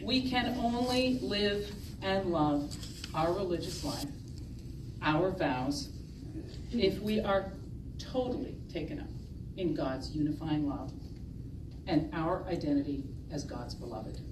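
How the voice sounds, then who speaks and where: A woman's voice: fairly low pitch, takes it slowly. A woman giving a humorous, self-deprecating talk to an audience of sisters, often laughing at her own stories. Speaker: speaker at a gathering of sisters. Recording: echoey hall from far off with noise.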